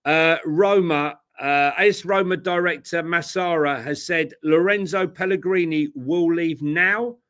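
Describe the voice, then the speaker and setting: A man's voice: fairly high pitch, measured pace, few pauses, fairly bright tone. Tired man bantering about football. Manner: blunt, jokey banter. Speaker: co-host. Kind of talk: casual football chat.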